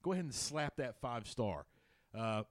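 A man's voice: medium pitch, animated, moderate pace, no echo, clean studio sound. A man hosting a casual sports podcast, rambling, swearing and laughing as he talks. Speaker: podcast host.

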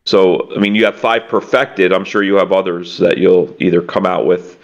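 A man's voice: low-pitched, fairly even intonation, normal speed, creaky, dull audio. A man hosting a casual podcast interview, encouraging and complimentary toward his guest. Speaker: podcast host.

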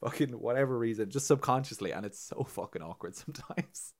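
A man's voice: medium pitch, brisk. A man with an Irish accent, co-hosting a casual podcast and telling stories with lots of swearing, laughter and acted-out voices. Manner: animated storyteller, swearing, laughing, acting out voices. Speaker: podcast co-host.

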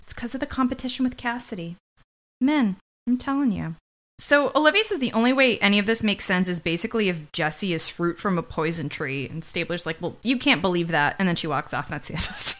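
A chatty woman podcast co-host with a bright, forward voice that swings widely in pitch. She recaps a TV episode in a casual, joking way and drops into mocking impressions of the characters. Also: fast talker. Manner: animated, jokey, quotes characters in mocking voices.

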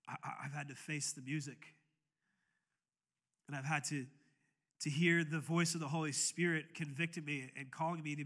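A young man preaching in church with a very bright, forward voice that sits a little high. He tells his story casually, stumbling and restarting often, then rises to fervent, shouted exhortation. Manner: conversational storytelling with many restarts, building to impassioned shouting. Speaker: pastor. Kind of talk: sermon with personal story. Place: church sanctuary.

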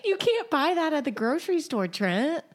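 A woman's voice: high voice, sing-song, moderate pace, background noise. A woman hosting a casual family game chat, giggling often as she moves things along. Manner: giggly, laughs often while running the game. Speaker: podcast host.

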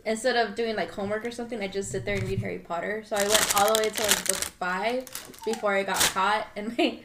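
A young woman chatting casually as a co-host, telling stories in an animated way with plenty of laughter. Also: medium pitch, fast talker. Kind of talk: casual chat. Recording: echoey room, faint noise.

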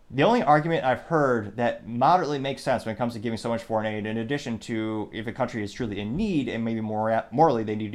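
Rambling man hosting a political podcast. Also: medium pitch. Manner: rambling, self-interrupting, reads listener comments aloud. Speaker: podcast host. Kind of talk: solo political commentary podcast.

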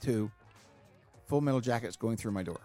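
A man's voice: on the low side, expressive, moderate pace, warm tone, faint music behind. A man hosting a podcast, ranting in a casual, profane chat. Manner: ranting, heavy swearing. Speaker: podcast host.

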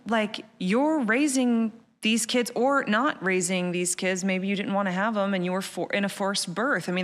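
A woman's voice: on the low side, a bit bright, in a large hall. A woman in her thirties, a podcast guest talking casually and animatedly, laughing easily and peppering her speech with "like.". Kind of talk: casual interview chat.

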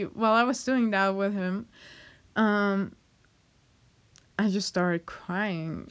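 A young woman speaks to her camera in a confessional vlog, taking her time over every thought. She is hesitant and halting, with fillers and nervous little laughs, and sounds emotional, close to tears. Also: mid-range voice. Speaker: vlogger.

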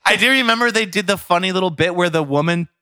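A man's voice: high voice, quick pace, very noisy. A young man co-hosting a podcast, chatting casually in a rambling, jokey, profane way. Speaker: podcast co-host. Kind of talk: casual chat.

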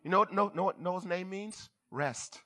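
A bishop preaching a lively church sermon, who talks back and forth with the congregation. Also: male voice, high-pitched, moderate pace. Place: church service.

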